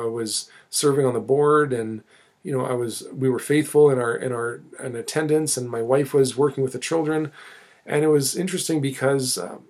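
A middle-aged man recounts his faith story in an earnest, unhurried way. His voice sits at an ordinary pitch, and he stops and restarts phrases as he searches for words. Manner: earnest, halting, with many restarts and fillers. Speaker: church minister telling his testimony. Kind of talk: personal testimony, storytelling.

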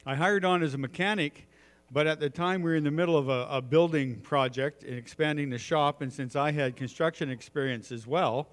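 A man's voice: on the high side, brisk. Middle-aged guy preaching, folksy stories, lots of uhs, echoey big hall. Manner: folksy storytelling with many filler "uh"s. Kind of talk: sermon.

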